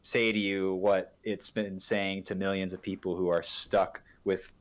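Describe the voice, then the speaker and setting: A man's voice: deep voice, flat delivery, a little slow. A man hosting a podcast in a laid-back, enthusiastic way, filling his talk with "like" and "dude". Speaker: podcast host. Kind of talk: casual conversation.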